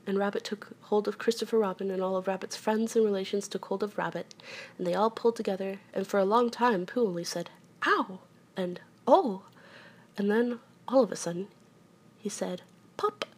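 A woman reads a children's story aloud with an expressive, storytelling manner. Her voice has a gravelly, fry-touched texture at a middle pitch, and she slips into hushed whispers at moments. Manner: expressive, dips into soft whispers.

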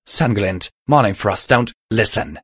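A man's voice: on the low side, unhurried, slightly rough, no echo, clean studio sound. A man voicing a suspicious, agitated young male pegasus who hisses and accuses. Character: anxious, hostile young male pegasus buck.

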